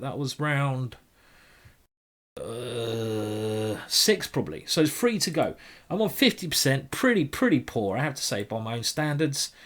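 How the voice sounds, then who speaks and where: A British man talks through his own chess games on a live stream. He jokes at his own expense and thinks out loud, repeating words as he goes. His voice sits at an ordinary middle pitch. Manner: self-mocking, joking, thinks aloud with many repeats. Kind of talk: casual live-stream commentary.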